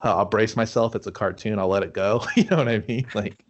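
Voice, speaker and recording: A man's voice: fairly low pitch, fairly quick. A man co-hosting a casual movie review podcast, swearing freely and acting out scenes in rambling chat. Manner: profane, rambling, acts out quotes. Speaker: podcast co-host.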